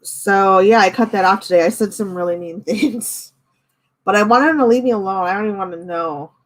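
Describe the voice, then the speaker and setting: A woman's voice: medium pitch, brisk. A young woman venting casually on a live stream, quoting an argument and talking with her chat. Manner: animated, quotes others in her own voice.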